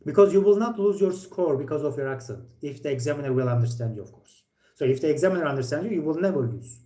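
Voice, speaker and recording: Esl teacher guy correcting a student, higher voice but mellow, echoey classroom. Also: animated. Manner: direct, corrective, with frequent pauses and playful asides. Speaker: IELTS speaking teacher. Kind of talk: live speaking lesson feedback. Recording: echoey room.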